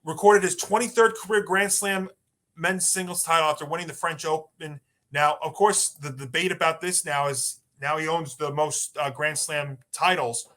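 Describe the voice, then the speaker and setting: A man's voice: fairly high pitch, fairly even intonation, normal speed, fairly bright tone. A man co-hosting a sports podcast, chatty and rambling through his points. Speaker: podcast co-host. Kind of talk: casual sports talk.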